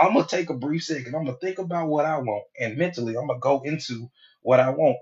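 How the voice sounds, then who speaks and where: A man's voice: a little high, gravelly, muffled recording. A middle-aged man giving a casual, preachy motivational talk as a hypnotherapist, acting out quoted people as he goes.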